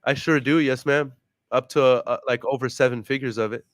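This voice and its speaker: A man's voice: medium pitch, fairly even intonation, fairly quick, dry recording. A man hosting a casual vlog, talking upbeat and polite on a sales call, then joking with a friend. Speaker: real estate investor and vlog host. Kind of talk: casual phone call and chat.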